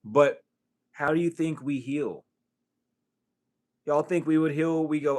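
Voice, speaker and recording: A man talking straight to camera in a casual, profane spiritual vlog, animated and laughing between thoughts. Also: a little high, slow, long pauses. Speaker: tarot reader and healer.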